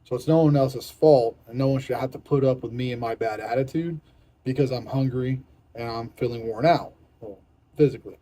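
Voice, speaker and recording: A man's voice: mid-range voice, brisk, warm tone, low-quality recording. A young man on a strict diet, hungry and irritable, talking frankly and repeating himself in a casual vlog. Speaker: fitness vlogger on a diet. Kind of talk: casual vlog talk to camera.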